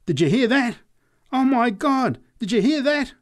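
A man voicing an excitable drunk who exclaims in a high voice. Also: measured pace. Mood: excited.

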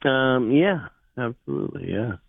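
Halting, slow caller on a tinny phone line. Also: male voice, mid-range voice, very animated, creaky, no room sound. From Minnesota. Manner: halting, rambling, many fillers. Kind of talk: phone-in call.

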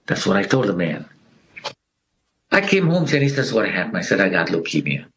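A man's voice: deep voice, sing-song, fairly quick, long pauses, a bit bright, breathy edge, rough recording. A middle-aged man telling his survival story with earnest feeling, acting out the people he quotes. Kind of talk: emotional personal testimony.

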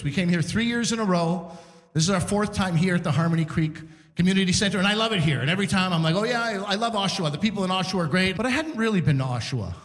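A man doing stand-up storytelling on a community center stage, animated and acting out scenes. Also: high-pitched. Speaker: stand-up comedian. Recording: echoey hall reverb.

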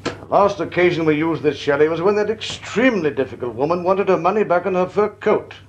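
A man's voice: fairly high pitch, expressive, brisk. An actor playing a genial, bumbling older company chairman in a vintage radio drama, flustered and hesitant. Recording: dull lo-fi old radio recording.

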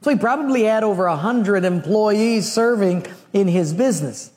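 A man preaching a sermon, telling a Bible story in an animated way with humorous asides. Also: high voice, moderate pace, big-room sound. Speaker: pastor.

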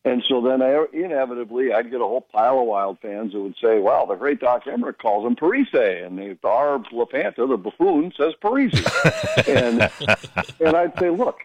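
A man's voice: mid-range voice, moderate pace, no room sound. Storytelling man, dull radio sound. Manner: storytelling, animated, amused. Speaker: hockey play-by-play broadcaster. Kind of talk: casual radio chat.

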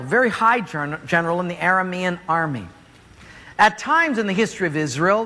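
A man preaching a sermon, telling a story in an animated, jokey way and acting out its scenes. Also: high voice, big-room sound.

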